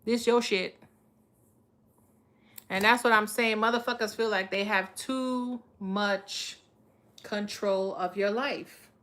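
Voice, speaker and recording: A woman's voice: medium pitch, steady tone, slow pace, pauses often, fairly bright tone. A woman, giving a live-stream tarot reading in a blunt, profane, streetwise way. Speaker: tarot reader.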